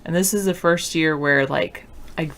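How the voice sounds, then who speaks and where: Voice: medium pitch, normal speed, fairly bright tone. A teacher hosting a political talk show, chatting in a loose, offhand and sleepy way while answering viewer comments. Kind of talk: casual chat, reading and answering viewer comments.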